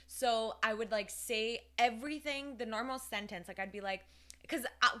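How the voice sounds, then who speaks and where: A woman co-hosting a casual podcast, telling stories in an animated way and laughing at herself. She speaks with an Indian-tinged English accent. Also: a little high, moderate pace. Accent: Indian English with a mixed British edge. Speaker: podcast co-host. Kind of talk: casual chat, storytelling.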